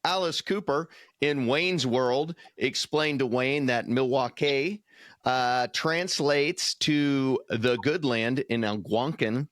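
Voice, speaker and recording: Man, medium pitch, relaxed co-host, joking, dry sound. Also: slow pace, dry recording. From United States. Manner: easygoing, joking, with many uhs. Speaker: podcast co-host. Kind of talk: casual podcast chat.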